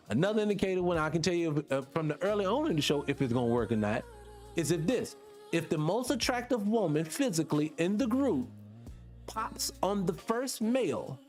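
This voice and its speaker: A man's voice: a little high, a little mellow. Blunt preachy radio host, man. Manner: blunt, preachy, addresses listeners directly. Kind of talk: casual morning radio talk.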